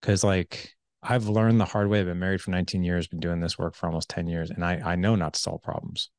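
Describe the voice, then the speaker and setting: A man's voice: low-pitched, flat delivery, brisk, a little mellow, dry recording, studio quality. A man in his forties hosting an interview, talking earnestly and reflectively, sometimes searching for his words. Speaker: podcast host. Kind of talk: conversational interview.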